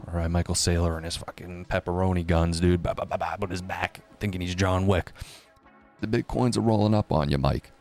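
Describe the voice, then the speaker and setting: Gravelly, deep-voiced man ranting about markets. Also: fairly even intonation, a little fast, a little mellow, faint music behind. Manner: profane, sarcastic, mocks others in put-on voices. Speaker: crypto news commentator. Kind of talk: casual rant commentary.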